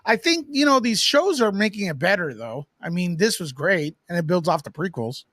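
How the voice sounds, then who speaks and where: Man, high voice, casual review chat, blunt, dry close sound. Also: very animated, normal speed, fairly bright tone, no room sound. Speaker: podcast co-host.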